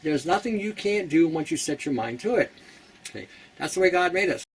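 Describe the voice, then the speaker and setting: A man's voice: a little high, animated, a little fast, far from the mic, slight background noise, poor audio. A Canadian man hosting a casual how-to talk, blunt and rambling, who laughs at his own jokes. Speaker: host.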